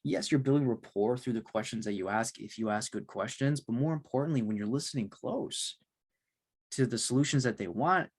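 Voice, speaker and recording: A man with a mid-range voice hosts a casual interview. He talks with energy and works through his points with rhetorical questions. "Like" turns up often as a filler. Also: mid-range voice. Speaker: podcast host.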